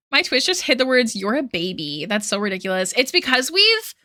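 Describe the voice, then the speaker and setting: A woman's voice: fairly high pitch, big pitch swings, measured pace, pushed and bright, no echo, clean studio sound. A woman in her thirties streaming while she draws, chatting casually and rambling, laughing often and quoting memes in put-on voices. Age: 30s. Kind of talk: casual livestream chat while drawing.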